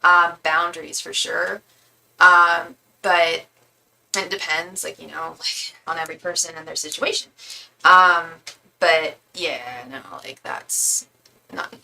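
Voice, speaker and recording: A young woman talks through a live tarot reading in a loose, rambling, chatty way. Her voice is bright with some gravelly fry. She sits a little back from the mic, with faint noise in the room. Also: fairly even intonation, slow, distant mic, rough recording. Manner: chatty, rambling, repeats invocations in a low murmur. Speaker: tarot reader. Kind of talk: live-stream tarot reading, casual chat.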